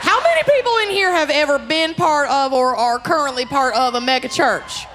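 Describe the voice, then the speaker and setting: A woman's voice: high-pitched, normal speed, over loud music. Joking Minnesotan woman onstage. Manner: animated and joking, calling out to the crowd. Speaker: podcast co-host presenting a case. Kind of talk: comedic true-crime storytelling before a live audience. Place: live theater show. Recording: live venue with long reverb and faint noise.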